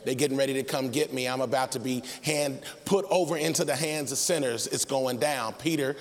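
A man preaching a sermon in an animated way, acting out the people in his story and sometimes half-singing his phrases. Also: mid-range voice, brisk. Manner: animated, acts out characters, sings phrases. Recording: long hall reverb.

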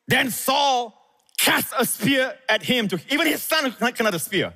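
A male pastor preaching a sermon, telling a scripture story and leaping up in pitch and volume when he quotes the characters. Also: a little slow, gravelly. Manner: animated, rises high and loud when quoting scripture. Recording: echoey hall with long reverb.

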